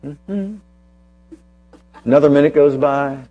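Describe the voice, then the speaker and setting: A man preaching a sermon as pastor, telling a personal story and then slowing down to press his points with emphasis. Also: on the high side, dull audio.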